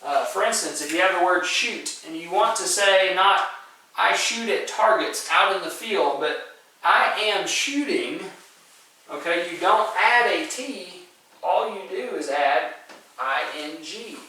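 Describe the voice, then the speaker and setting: A man's voice: high-pitched, expressive, a little slow, bright, forceful tone, slight background noise. A male teacher giving a spelling lesson, explaining step by step and often checking in with "okay?" and "right?". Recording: very echoey room, voice from far off the mic.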